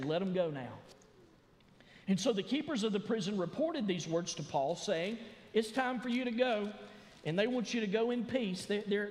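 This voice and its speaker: Animated preaching man in echoey church. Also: high voice. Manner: animated preaching, rising to shouts for emphasis. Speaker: pastor. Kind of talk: sermon. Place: church sanctuary.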